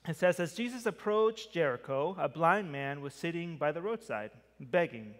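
Man, pastor, sermon, slightly high voice, conversational with lively emphasis, long church reverb. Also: normal speed. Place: church sanctuary.

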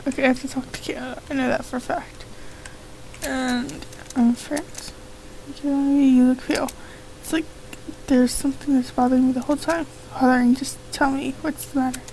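A woman's voice: sits high, steady tone, moderate pace, dark tone, slight background noise, rough recording. A woman playing a game on video, reading the characters' lines aloud in her own voice and breaking in with her own reactions. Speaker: let's play gamer.

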